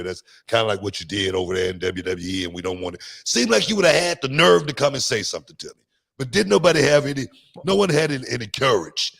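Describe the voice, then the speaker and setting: A man with a gravelly voice hosts a podcast in a casual, self-assured way. He talks emphatically and repeats his phrases to drive each point home. His voice sits at an ordinary middle pitch. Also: lively intonation, fast talker, a bit bright. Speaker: podcast host.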